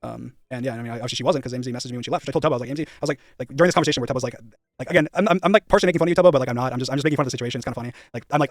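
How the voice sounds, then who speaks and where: A man's voice: mid-range voice, racing, no echo, studio quality. A young man streaming, rambling and emphatic, swearing and acting out his past conversations. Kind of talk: casual live-stream rant.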